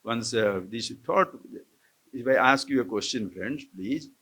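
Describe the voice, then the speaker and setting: Speaking a little slowly with lively intonation, this swami from India has a medium-pitched, fairly bright voice with a breathy edge. He gives a live scripture discourse to camp attendees in an ashram lecture hall, often chuckling and putting questions to them.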